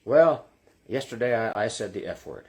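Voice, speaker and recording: Man playing a rambling Irish golfer, put-on accent, quick and halting. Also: lowish voice, animated, voice pushed down. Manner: rambling, breathless storytelling.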